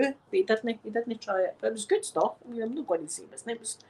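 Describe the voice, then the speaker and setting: Scottish lady vlogging, kinda high voice, rambly and giggly, bit of a sore throat. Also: fast. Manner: chatty, laughs often, lively storytelling. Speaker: YouTube vlogger. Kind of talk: rambling casual chat to viewers.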